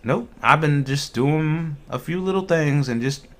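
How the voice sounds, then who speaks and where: Speaking a touch slowly in a slightly high voice, an Ohio man runs a casual cannabis livestream. He's animated, laughs a lot, and talks directly to his chat.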